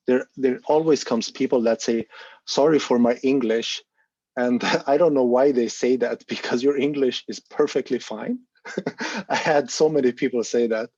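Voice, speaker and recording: A man hosting an online talk, speaking earnestly and encouragingly, with fillers as he thinks aloud. His voice is dark and a little husky. The call audio is dry and muffled. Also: medium pitch, no room sound. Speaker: volunteer presenter of an online discussion. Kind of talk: casual explanatory talk on a video call.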